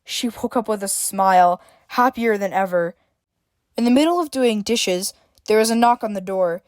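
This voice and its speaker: A woman narrating a homemade story in an even, mid-pitched voice. The sound is dry and close, with no room around it. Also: moderate pace, dry recording. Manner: reads dialogue with shifting emphasis, stammers for a frightened character.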